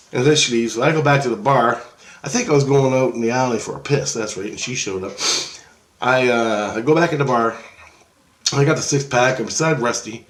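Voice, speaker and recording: A man telling a dream story in a rambling, excitable, profane way and acting out the dialogue. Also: mid-range voice, echoey room.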